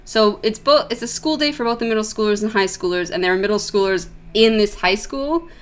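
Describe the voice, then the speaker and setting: A woman's voice: medium pitch, brisk. A young woman streaming a visual novel, chatting and reading aloud with giggly, rambling asides. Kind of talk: let's-play commentary and reading aloud.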